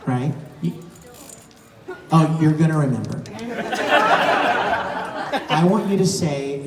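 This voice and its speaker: A man on a live convention Q&A panel, teasing and coaching a fan in a playful way, recorded on a phone from the audience. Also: a little high. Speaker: voice actor answering fan questions on a convention panel. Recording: distant phone recording in an echoey hall with crowd noise.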